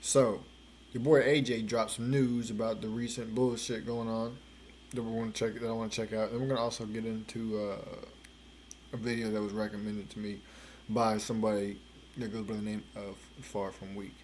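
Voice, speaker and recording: A man's voice: lowish voice, level tone, moderate pace, darkish tone, a little hiss or hum. A man hosting a reaction stream, talking in a laid-back, slangy way and swearing freely. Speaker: reaction show host. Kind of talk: casual streaming chat.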